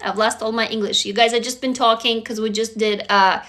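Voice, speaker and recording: A woman with a Russian accent hosts a casual phone livestream, chatting with viewers. Her voice is slightly high and very bright. She talks freely and swears now and then. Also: fairly even intonation, brisk. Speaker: livestream host. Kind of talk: casual live-stream chat.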